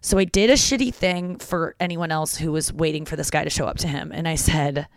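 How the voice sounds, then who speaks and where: A young adult host telling a story in casual chat, animated and full of "like" and swearing. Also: mid-range voice, brisk, clean tone, no echo, studio quality. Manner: animated, chatty, lots of "like" and swearing.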